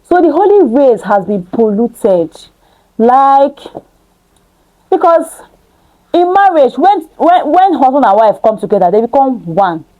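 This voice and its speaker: Woman Bible teacher, reads scripture then preaches with emphatic rhetorical questions, warm and slightly high. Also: sing-song, unhurried, rough recording. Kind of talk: scripture reading with preaching commentary.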